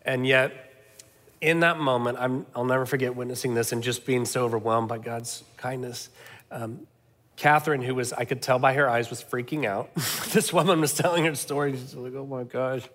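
A man's voice: mid-range voice, normal speed, a bit bright. Earnest middle-aged man in a reverberant room. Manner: earnest, rambling with fillers and laughs. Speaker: guest, camp founder. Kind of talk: storytelling in conversation.

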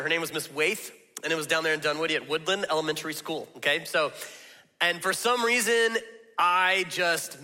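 A man's voice: a little high, sharp tone, in a large hall. A man preaching a casual, storytelling sermon as pastor, talking conversationally and laughing at himself often. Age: adult with young children.

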